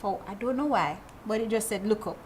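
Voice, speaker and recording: A middle-aged woman, telling a personal story in a casual group chat, animated and prone to repeating phrases. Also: mid-range voice, brisk, slight background noise, low-quality recording.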